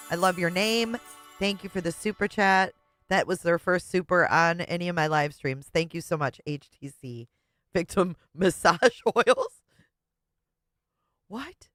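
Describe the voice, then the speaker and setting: A woman hosts a live stream, casually reacting to a video while laughing constantly and swearing freely. Her voice is mid-range and a bit bright, and the recording is dry with clean studio sound.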